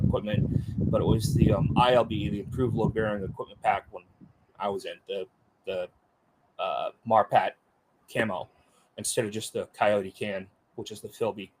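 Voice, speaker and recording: A man's voice: on the low side, fairly even intonation, normal speed, darkish tone. A middle-aged man, a former Marine, telling stories in a casual interview, rambling with many fillers and acting out others' lines. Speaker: Marine veteran guest.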